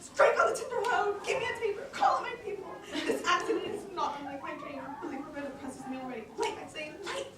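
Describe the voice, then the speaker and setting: A woman plays an indignant old senator and father, exclaiming in a high voice. The sound is roomy and far from the mic, with an audience murmuring behind. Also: animated, fast, hardly any pauses, crowd noise. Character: older male senator, an angry, alarmed father. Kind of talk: amateur stage acting.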